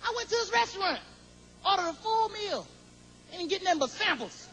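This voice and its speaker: A man doing stand-up comedy as host of a live show, riffing in a high, animated voice. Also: brisk. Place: stage before a live audience. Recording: loud crowd and noise, live venue.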